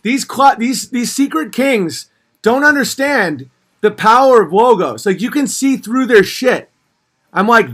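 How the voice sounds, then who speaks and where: A man hosting a casual livestream, reading viewer comments and answering in a blunt, profane, animated way that sometimes rises to shouting. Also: very high-pitched, moderate pace.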